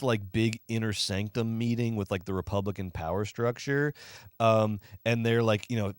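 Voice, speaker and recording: A man's voice: lowish voice, dry recording, studio quality. A man co-hosting a film podcast, talking casually and sarcastically with lots of fillers, acting out lines from the film. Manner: animated, acts out quoted lines in funny voices. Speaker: podcast co-host, film reviewer. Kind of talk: casual chat.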